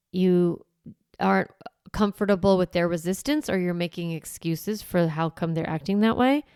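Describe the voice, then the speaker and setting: Middle-aged mom coaching parents, lowish smooth voice, dry close sound, chatty and thinking out loud. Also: female voice, no echo. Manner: conversational, reflective, self-correcting. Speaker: parenting coach and podcast host. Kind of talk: casual teaching monologue.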